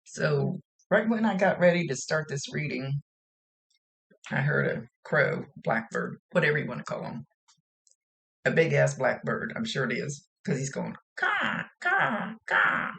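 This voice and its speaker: Gravelly-voiced chatty woman medium. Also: a bass voice, normal speed. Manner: rambling, chatty, laughs often. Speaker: psychic medium. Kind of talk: casual spoken reading.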